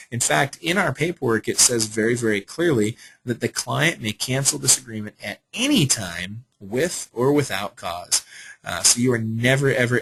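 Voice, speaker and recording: A man's voice: medium pitch, gravelly, a bit bright, slight background noise, rough recording. A man hosting a live webinar Q&A, upbeat and salesy, reading out viewer questions and answering them. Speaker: webinar host.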